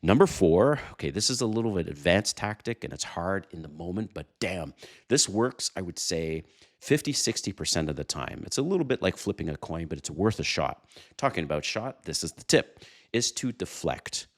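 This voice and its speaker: A man hosting a dating advice channel, talking casually and animatedly to viewers, telling quick stories and chuckling. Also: low voice. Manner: animated storytelling, chuckles, addresses viewers directly. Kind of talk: casual advice monologue to camera.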